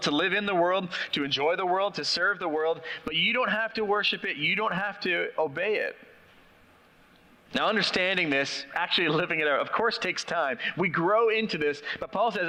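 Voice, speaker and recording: A man's voice: fairly high pitch, sharp tone. A middle-aged man preaching a sermon as pastor, conversational and questioning his congregation. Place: church. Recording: long reverb of a church hall.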